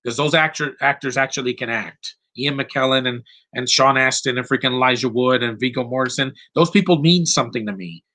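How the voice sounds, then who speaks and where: A man's voice: mid-range voice, a little fast, hardly any pauses, pushed and bright. A man giving casual live commentary over a movie, blunt and rambling, going off on tangents.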